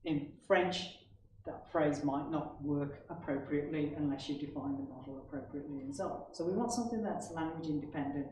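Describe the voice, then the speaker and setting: A man's voice: a little high, a little fast. A man giving a technical conference presentation in an explanatory way, often checking in with the audience. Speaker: conference speaker. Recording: echoey hall, distant mic, background noise.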